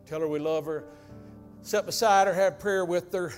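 A man preaching a sermon as pastor, telling a folksy story that sinks into hushed intensity. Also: high-pitched, steady tone, moderate pace. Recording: long hall reverb with faint music.

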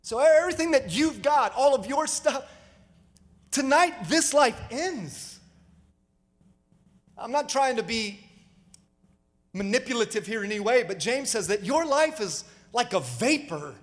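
A man's voice: very high voice, expressive, unhurried, pauses often. A male pastor preaching a sermon, emphatic, calling out to the congregation for responses. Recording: live sermon with long hall reverb.

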